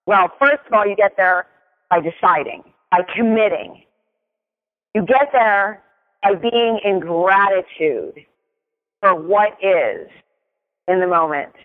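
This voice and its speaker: A man's voice: high voice, lively intonation, takes it slowly, pauses often. A man giving a motivational talk, telling a story with emphatic delivery and often asking "right?". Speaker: motivational speaker. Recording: tinny phone-like sound with long reverb.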